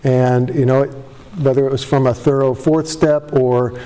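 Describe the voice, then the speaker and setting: Man, recovery meeting speaker, candid, self-deprecating, emotional crack in voice, mellow tone. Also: mid-range voice, level tone, moderate pace, clean tone. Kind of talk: personal recovery talk to a live audience. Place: meeting room before an audience.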